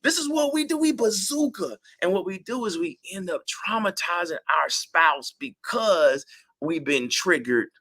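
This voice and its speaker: A man's voice: high-pitched, expressive, unhurried, pushed and bright. A man, giving a playful, emphatic talk to an audience about relationships, acting out mock arguments in slang. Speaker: relationship therapist speaking to an audience. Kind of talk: animated talk with acted-out examples.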